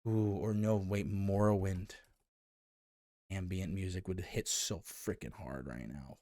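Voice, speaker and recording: A man casually commentating his own gameplay on a stream, excitable, swearing and reading game text aloud. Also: sits low, a little slow, no echo, clean studio sound.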